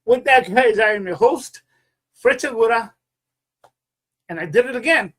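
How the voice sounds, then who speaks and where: A man's voice: extremely high pitch, animated, unhurried, fairly bright tone. Rambling male podcast host. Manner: rambling, many fillers and restarts. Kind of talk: casual storytelling monologue.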